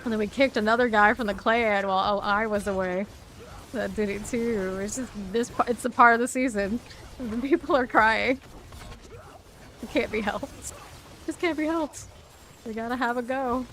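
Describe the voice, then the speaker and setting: A woman's voice: on the high side, steady tone, moderate pace, fairly bright tone, a little hiss or hum. Chatty woman streaming a game. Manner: chatty, rambling, laughs often. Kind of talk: live gameplay commentary.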